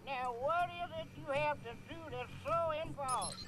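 An actress voicing a scolding, sharp-tongued but loving elderly grandmother in a video game. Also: sits high, normal speed, lightly acted. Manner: chiding, exasperated.

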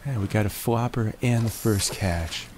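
A man in a groggy morning voice narrating his gameplay, relaxed and jokey, making little puns as he goes. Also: lowish voice, normal speed, noisy background. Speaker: gaming video host. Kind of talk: gameplay commentary.

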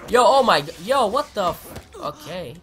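A young man giving excitable let's play commentary, swearing and shouting at the game. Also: high voice, moderate pace, soft background music. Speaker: gaming commentator.

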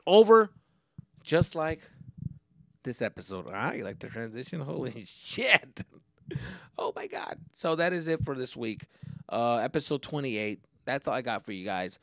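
A young adult man, a comedian, hosting a solo podcast in a casual, profane and animated way. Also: fairly low pitch, no room sound, studio quality. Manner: profane, animated, pep-talk delivery.

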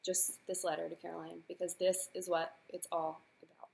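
A woman's voice: fairly low pitch, flat delivery, normal speed, creaky, hardly any pauses, a little mellow. A woman in her thirties, an author, chatting earnestly with fillers and then reading aloud from her own book. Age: 30s.

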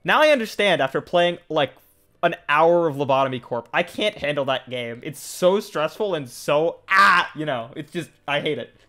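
A young man streaming a game live, chatting casually, jokey and excitable, his voice jumping up when he gets indignant. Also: on the high side, normal speed. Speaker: VTuber streamer. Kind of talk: casual livestream chat.

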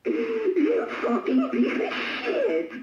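A performer voicing a sassy, defiant schoolgirl who talks back in high-pitched bursts. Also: sing-song, drawn-out words. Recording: roomy, distant, muffled, noisy.

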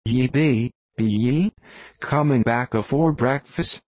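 A man's voice: mid-range voice, takes it slowly, darkish tone, no room sound. A man voicing a cryptic, ragged old sailor with an ominous, rambling way of talking.

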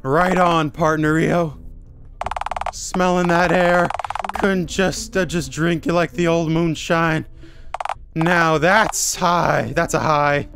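A man's voice: on the high side, steady tone, slow, gravelly. A man doing a folksy, neighborly good-old-boy. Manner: homey drawl, calls everyone partner. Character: folksy cheery neighborly man, doomsday-calm. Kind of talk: reading game dialogue aloud in a voice. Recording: game music behind.

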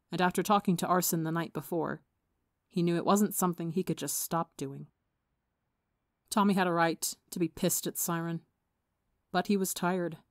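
A woman reading a story aloud in an even, measured narration. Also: low voice, dry recording, studio quality. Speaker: podcast reader.

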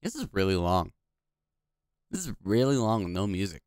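Blunt, profane gaming commentator. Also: male voice, lowish voice, very animated, normal speed, a little mellow, clean tone, no room sound, clean studio sound. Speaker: gaming video host. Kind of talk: casual gameplay commentary.

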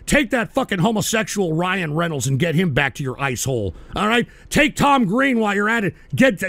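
A high-pitched man with a gravelly, rough edge hosts a call-in stream. He rants with anger and constant swearing, and often breaks into shouts. His voice is dry and close, with no room sound. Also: dry recording. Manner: profane, angry, shouting in bursts. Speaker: radio show host. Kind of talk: ranting political call-in stream.

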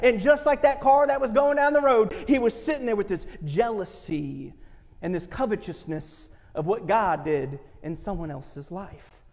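High-voiced preaching man in a reverberant church. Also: normal speed, gravelly. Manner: impassioned preaching, acts out quoted voices. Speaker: pastor. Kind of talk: sermon. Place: church sanctuary. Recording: long hall reverb from a church.

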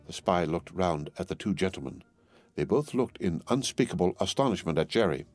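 A man narrating a classic novel as an audiobook, in a measured storytelling manner. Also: sits low, lively intonation, a little mellow, no echo, faint music behind.

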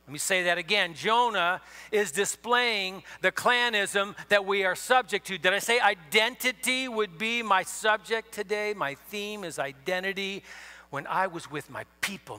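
A man giving a sermon in a university chapel, animated, swinging from quiet to loud. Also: high voice, measured pace, clean tone. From Ohio. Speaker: chapel speaker. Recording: reverberant chapel hall.

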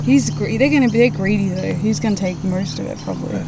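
A woman's voice: mid-range voice, fast, creaky. A young woman chatting on a casual outdoor vlog, joking and acting out animals and people in silly voices. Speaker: vlogger. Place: outdoors by a dam. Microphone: phone camera. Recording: phone video with noisy outdoor background.

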